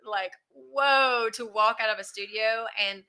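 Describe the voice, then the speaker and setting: A woman from South Carolina with a Southern accent, a country singer chatting in an interview, talkative and quick to laugh. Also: fairly high pitch, pushed and bright, clear, resonant tone. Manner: chatty, laughs often, drawling. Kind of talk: casual interview chat.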